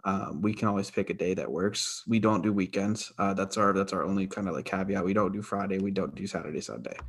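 A man co-hosting a podcast in a relaxed, rambling casual chat. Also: low voice, fast, slightly rough. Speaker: podcast co-host.

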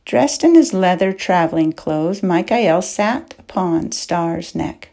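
Measured woman audiobook narrator. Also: on the low side, lively intonation, vocal fry, dark tone. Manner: measured, dramatic storytelling. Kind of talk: scripted narration.

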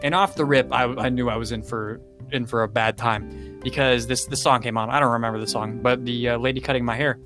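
A young man co-hosting a casual chat, telling a story in a dry, deadpan way. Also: mid-range voice, brisk, over music. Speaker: co-host.

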